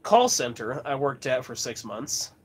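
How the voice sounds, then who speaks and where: A man's voice: medium pitch, big pitch swings, measured pace, a little hiss or hum. A man from Colorado chatting casually as host of his livestream, rambling and laughing often. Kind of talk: casual chat.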